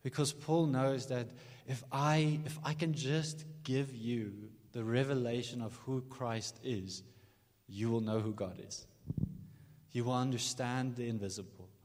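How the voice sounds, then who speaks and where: Male preacher, earnest and emphatic sermon delivery, mid-pitched voice, long hall reverb. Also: fairly even intonation, a little slow, darkish tone. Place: church during a morning service.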